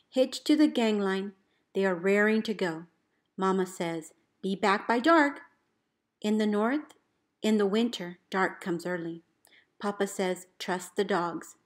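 A woman, a teacher, reading a picture book aloud in an expressive storybook voice, calling out the commands with gusto. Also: mid-range voice, unhurried. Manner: expressive, calls out dog commands loudly.

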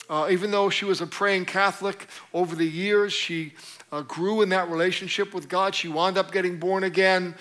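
Earnest pastor man, slightly high voice. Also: pushed and bright. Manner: earnest, with frequent fillers. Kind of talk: sermon. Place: church sanctuary.

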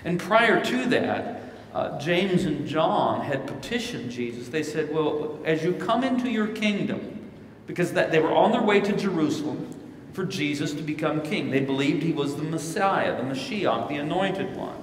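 A man's voice: fairly high pitch, moderate pace, hardly any pauses, a little hiss or hum. A man who is a pastor from Missouri answering questions at a live conference, telling stories and quoting scripture. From Missouri, United States. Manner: storytelling, quotes scripture in lively voices. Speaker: pastor and keynote speaker. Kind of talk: live Q&A answer, preaching style. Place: large hall at a conference. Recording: echoey hall, picked up from a distance.

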